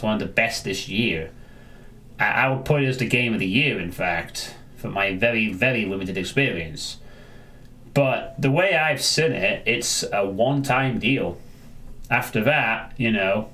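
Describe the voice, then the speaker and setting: A man's voice: lowish voice, sharp tone. A man chatting casually on a live stream, rambling and answering viewers, often restarting his sentences.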